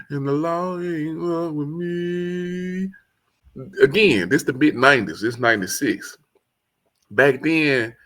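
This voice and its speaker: A man with a Southern accent hosts a solo album review in an easy, excitable way. His voice sits a bit low, with a gravelly rasp. He rambles and circles back as he talks. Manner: excitable, rambling, quotes lyrics in song voice. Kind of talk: casual solo commentary.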